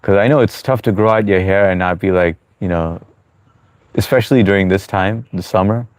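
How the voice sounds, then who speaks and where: A man's voice: low voice, a little fast, no echo. A man hosting a live stream in casual chat, reading viewer comments aloud and chatting with them in a laid-back, friendly way.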